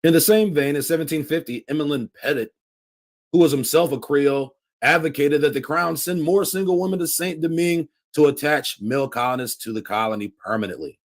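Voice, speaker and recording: A man's voice: on the high side, a little fast. A man hosting a channel, reading a history book aloud with commentary and putting emphatic stress on quotations. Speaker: channel host.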